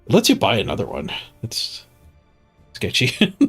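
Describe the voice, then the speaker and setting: A man with a fairly low, husky voice and vocal fry gives casual commentary while streaming a game. Sounding a little stuffed up, he reads stats, chuckles at them and mutters musings to himself.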